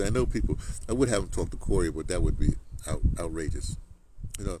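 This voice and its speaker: A political commentator with a fairly low, sing-song voice rants at normal speed in a rambling monologue, often repeating words and restarting. Heavy background noise runs underneath.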